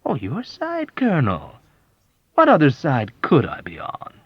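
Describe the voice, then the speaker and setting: A man's voice: a little high, huge pitch swings, measured pace, no echo, voice pushed up, heavily acted. A man reading an audiobook and voicing a sly, sardonic middle-aged male colonel who mocks with ironic sweetness. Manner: smooth, mocking, ironically sweet. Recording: dull, dry lo-fi audiobook.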